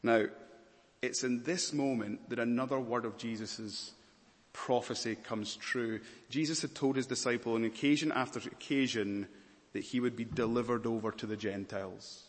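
A man's voice: medium pitch, fairly even intonation, moderate pace, in a large hall. A man preaching a sermon in a dramatic, emphatic manner, stacking up repeated words and lists.

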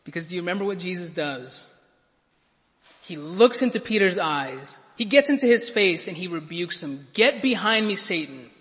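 A man's voice: high-pitched, lively intonation, moderate pace, fairly bright tone. A man preaching a sermon, earnest and stammering into repeated words, then rising to emphatic peaks. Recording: long reverb of a large hall.

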